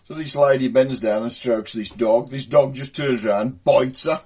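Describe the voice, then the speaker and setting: A man's voice: medium pitch, normal speed, hardly any pauses, mellow, breathy edge. A man with a Black Country accent hosting a casual comic video, rambling through old local sayings and jokes. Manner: rambling, folksy joke-telling.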